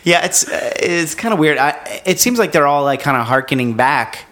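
A man's voice: fairly high pitch, lively intonation, moderate pace, fairly bright tone. A man co-hosting a casual comedy podcast, rambling through thoughts with lots of hesitation. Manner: rambling, many fillers and restarts. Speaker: podcast co-host.

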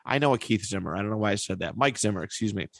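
A man's voice: fairly low pitch, expressive, very fast, gravelly, no echo. A man hosting a casual sports podcast chat, laid-back and full of filler words. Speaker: podcast host.

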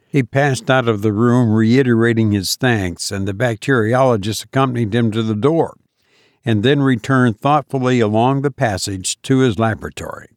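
Measured male storyteller, dry sound. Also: medium pitch, no echo. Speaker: narrator. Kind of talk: audiobook reading of a classic story.

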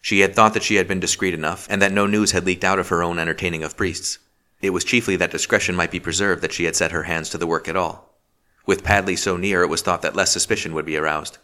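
A man reading a novel aloud as an audiobook narrator, measured and steady. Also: low voice. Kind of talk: scripted narration.

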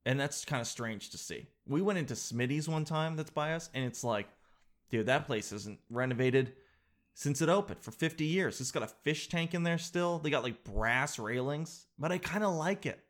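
A man's voice: a little high, animated, normal speed, a bit bright. A man rambles through a casual monologue as the host of a daily show. He jokes and mocks himself as he goes. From Canada. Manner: jokey, rambling, self-mocking.

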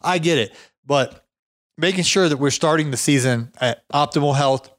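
Male podcast host, a bit high, energetic and chatty, close dry mic. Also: moderate pace, no room sound. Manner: chatty, energetic, chuckles often. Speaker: podcast host giving business advice. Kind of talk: casual motivational talk with anecdotes.

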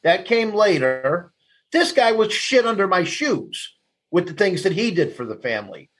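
A man's voice: sits high, sing-song, normal speed, a bit bright, husky, rough recording. A man, a guest telling blunt, profane stories in an interview. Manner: blunt, profane, laughs through anecdotes. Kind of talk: candid storytelling interview.

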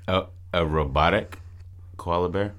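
A man co-hosting a podcast in casual chat, joking crudely and pitching ideas with restarts. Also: a little slow, fairly bright tone. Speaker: podcast co-host.

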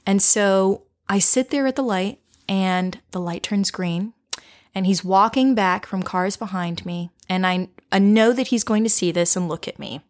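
A woman coach telling a personal story and guiding listeners to reflect, speaking softly and slowly and often dropping to a whisper. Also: medium pitch.

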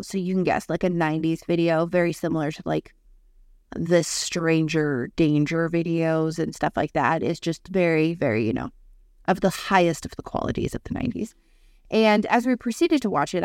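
A woman's voice: lowish voice, a little mellow, no echo, studio quality. A woman in her thirties, co-hosting a podcast, telling a frank personal story in casual chat and swearing freely. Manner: candid, swears freely, acts out voices in anecdotes. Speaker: podcast co-host.

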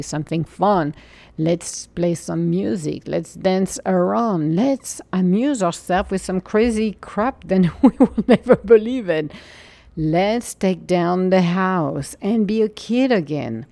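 Gravelly, low-voiced woman giving an inspirational talk. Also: dry recording. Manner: earnest and encouraging, sometimes dropping to a soft whisper. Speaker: spiritual motivational speaker. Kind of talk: inspirational monologue.

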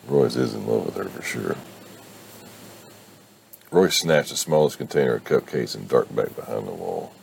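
A man's voice: rumbling low, expressive, moderate pace, gravelly, pauses often, a little mellow, a little hiss or hum. A man reading a romance novel aloud, dropping casual asides between passages. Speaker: reader and commentator.

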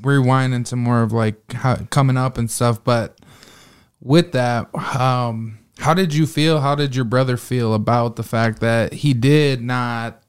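A male podcast host chatting casually with frequent short reactions, asking questions in a relaxed interview style. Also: medium pitch, a little slow, clean tone.

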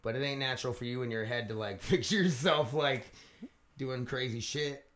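A man's voice: mid-range voice, normal speed, fairly bright tone. A man hosting a casual podcast chat, blunt and crude with joking banter.

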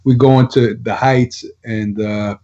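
A man's voice: medium pitch, fairly even intonation, measured pace, dark tone. A man, telling crude, rambling stories in casual chat. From Long Island, New York. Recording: dull lo-fi sound.

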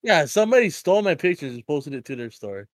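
A young man from Hawaii co-hosting a casual podcast, joking and swearing, often trailing off into low mumbles. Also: big pitch swings, fast, no echo, studio quality. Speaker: podcast co-host.

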